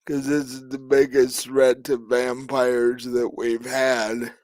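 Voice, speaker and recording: A man's voice: mid-range voice, monotone, slow pace, darkish tone, no echo. A man narrating as game master of a tabletop game, hesitant with many fillers and restarts.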